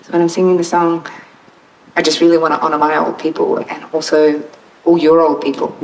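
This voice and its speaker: A woman's voice: sits low, level tone, a little fast. A woman telling a heartfelt, reflective personal story at a camp gathering, describing her land in vivid detail before singing. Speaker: storyteller and singer. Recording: distant mic with faint background noise.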